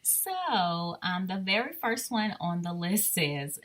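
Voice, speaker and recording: Woman co-host, easygoing and giggly, animated pitch, bright. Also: slow pace. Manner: agreeable, laughs often, reads list items aloud. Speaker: podcast co-host. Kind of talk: casual chat.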